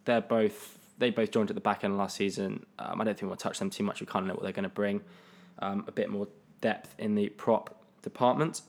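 A young man with a lowish voice hosts a casual podcast chat. He keeps things moving, calls on his co-hosts and reads out lists in an easygoing way. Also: fairly even intonation, fairly quick, gravelly, darkish tone. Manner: leads the discussion, reads out lists. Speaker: podcast host.

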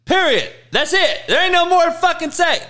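A man's voice: extremely high pitch, very animated, moderate pace, bright, forceful tone, pitched above the performer's own voice, full character voice. A man playing a stern old-school father who barks orders and curses. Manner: barking orders, cursing.

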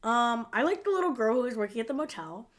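A woman chatting casually as a podcast co-host, quick to laugh and agree while recapping a TV episode. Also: fairly high pitch, expressive.

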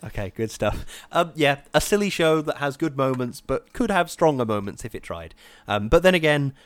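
A man co-hosting a podcast in easygoing casual chat, quick to laugh. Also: mid-range voice, very animated, no room sound. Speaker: podcast co-host.

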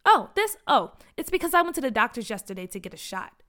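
Loud, proud schoolgirl with a bright, high voice , played by a woman for a kids' audio story. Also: big pitch swings, quick pace. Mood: cheerful. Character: loud cheerful schoolgirl Tia.

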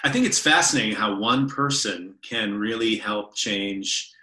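A man with a low, bright-edged voice interviews a guest. He affirms the answers and asks curious follow-ups, and his voice rings in an echoey room. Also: measured pace.

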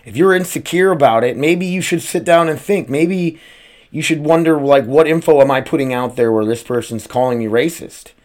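Speaking at a moderate pace in a somewhat high voice with a darkish tone, this American streamer hosts his own podcast. The solo rant is casual, packed with profanity, tangents and rhetorical questions.

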